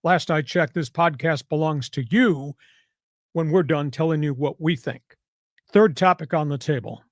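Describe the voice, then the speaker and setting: A man's voice: on the high side, moderate pace, no echo, studio quality. A man hosting a sports talk podcast in a casual, brash and sarcastic way, with punchy delivery.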